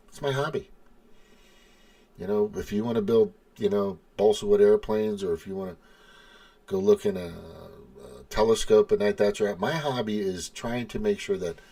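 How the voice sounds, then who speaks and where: A man with a fairly low voice delivering a furious, profanity-laced rant. He stumbles and repeats words as he pushes his point, with a heated edge throughout. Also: gravelly, darkish tone. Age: adult with children. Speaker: podcast host. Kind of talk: angry ranting monologue.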